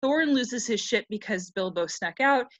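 A woman's voice: a little high, expressive, normal speed, a bit bright, no room sound. Woman, casual podcast chat, irreverent and sweary, dry slightly muffled recording. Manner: irreverent, joking retelling. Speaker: podcast co-host.

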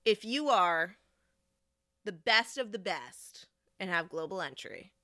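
A young woman vlogger telling a casual story, animated and exasperated, often acting out what people said. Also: mid-range voice, slow, no echo, clean studio sound.

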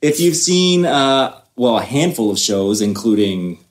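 A man co-hosting a podcast, introducing and interviewing a guest in an animated way, recorded in a hotel lobby on a field recorder. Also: medium pitch, unhurried. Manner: animated, hype-style introductions. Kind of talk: casual interview chat.

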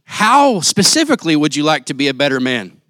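A man preaching a sermon in church on a handheld mic, casual and jokey, acting out quick quotes. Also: fairly high pitch, big pitch swings, a bit bright, no room sound. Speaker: pastor.

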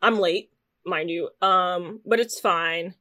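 A woman, casually telling a podcast story, animated and swearing freely, jumping into loud high squeals when she quotes herself. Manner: swears freely, quick asides. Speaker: podcast co-host.

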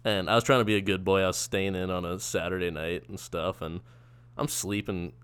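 A man's voice: sits low, steady tone, a little fast, fairly bright tone, smooth. A man in his twenties co-hosting a podcast, telling a story in a laid-back way, swearing and laughing. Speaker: podcast co-host. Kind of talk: casual chat.

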